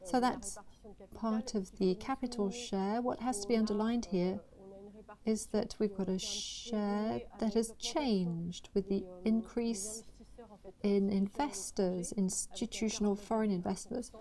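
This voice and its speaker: A woman's voice: mid-range voice, fairly even intonation, takes it slowly, crowd noise. A woman presenting annual financial results to investors, talking in a hesitant way with many fillers and restarts.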